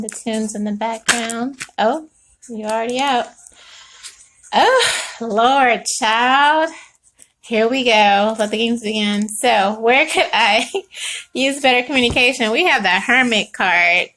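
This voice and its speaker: A woman giving a casual spoken tarot reading, chatty and animated, swearing freely and laughing often. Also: on the high side, a little hiss or hum. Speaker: tarot reader.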